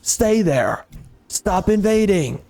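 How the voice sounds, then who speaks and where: Ranting man, fairly high voice. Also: sing-song, slow pace, creaky, warm tone. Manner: ranting, repetitive, exasperated. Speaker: gaming video creator. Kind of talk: heated commentary over gameplay.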